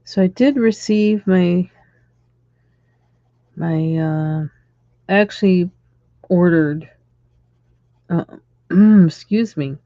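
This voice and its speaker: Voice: medium pitch, very slow, long pauses, warm tone, dry recording, highs cut off. A livestream host ranting casually and in exasperation while coloring, chuckling between lines.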